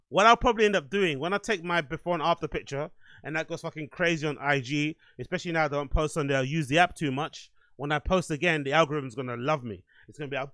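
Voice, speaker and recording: A man's voice: a little high, a bit bright, no room sound. A man hosting his own show, rambling playfully and swearing often in a casual solo monologue. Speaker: podcast host.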